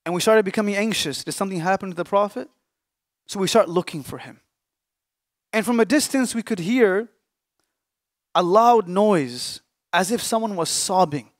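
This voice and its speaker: Young male preacher, high voice, dry close recording, emphatic sermon that drops into hushed pauses. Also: no room sound. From Canada. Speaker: Islamic scholar. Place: mosque or lecture hall.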